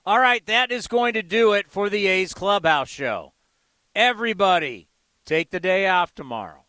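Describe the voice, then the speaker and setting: A man hosting a sports call-in show on the radio, upbeat as he takes callers. His voice is bright and crisp. The studio sound is close and dry. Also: high-pitched, animated, normal speed, no room sound.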